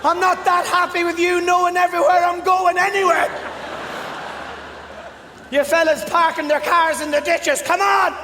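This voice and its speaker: An Irish man doing a stand-up comedy set, loud and profane, often breaking into shouts. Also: very high voice, flat delivery, normal speed, long pauses, slight background noise. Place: live comedy venue. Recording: live room with long reverb, loud crowd.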